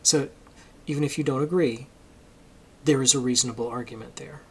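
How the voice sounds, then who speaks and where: A man's voice: mid-range voice, fairly even intonation, brisk, creaky, darkish tone, slight background noise. A man giving a casual, emphatic opinion monologue for his video channel, getting worked up as he argues his point. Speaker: political commentary vlogger.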